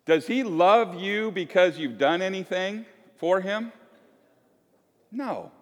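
A man's voice: sits high, lively intonation, slow pace. A man preaching a chatty, joking sermon to his congregation, acting out little scenes as he goes. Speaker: pastor. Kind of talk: conversational sermon. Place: church sanctuary. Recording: echoey church hall.

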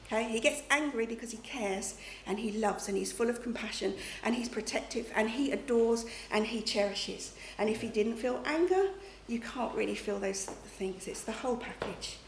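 A middle-aged woman preaches in a relaxed, conversational way, dotting her talk with "you know" and "okay?". Her voice sits a touch high for a woman. She is recorded in a reverberant room with a faint hiss behind her. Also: moderate pace, few pauses. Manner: chatty, checks in with listeners with "okay?" and "you know". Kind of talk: conversational sermon. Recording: echoey room, faint background noise.

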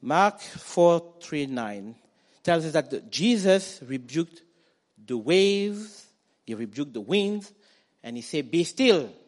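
Male preacher, slightly high pitch, animated sermon delivery that builds to loud declarations. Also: slow pace. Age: adult parent. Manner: animated, acts out quoted voices, rises to loud declarations.

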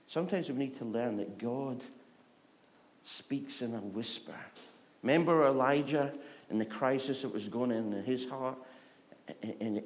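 Chatty preacher man with a hushed side. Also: medium pitch. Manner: chatty and humorous, often dropping to a soft, hushed delivery. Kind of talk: conversational sermon.

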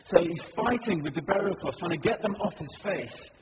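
A man preaching a sermon as a dramatic story, shifting between hushed and loud, at a church service. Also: sits high, animated, brisk, long reverb tail. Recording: dull recording with background noise.

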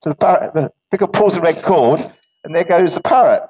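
A man gives an informal sermon with a bright, lively voice that swings up and down a lot. He talks in a chatty way, tripping over words and correcting himself as he goes. The recording sounds dull and lo-fi. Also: fairly high pitch, brisk, husky, no room sound. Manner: animated, chatty storyteller who stumbles and corrects himself. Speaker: preacher. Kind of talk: informal sermon with joke and scripture reading.

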